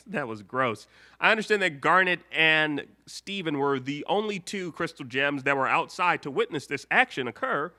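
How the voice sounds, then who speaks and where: Guy hosting a live cartoon stream, high bright voice, rambles and restarts a lot. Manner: rambling, self-correcting, breaks into mock outrage. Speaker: live show host.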